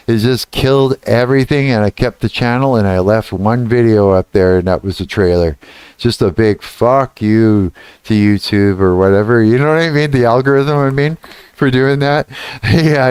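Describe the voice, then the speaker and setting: A middle-aged man talks loosely to his livestream chat, swearing freely and trailing off mid-thought before starting again. His voice is smooth and resonant. The sound is close and dry, with no room around it. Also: a little mellow, no room sound. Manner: rambling and profane, trailing off and restarting; laughs and rises in pitch when retelling anger. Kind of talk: casual livestream chat, answering chat.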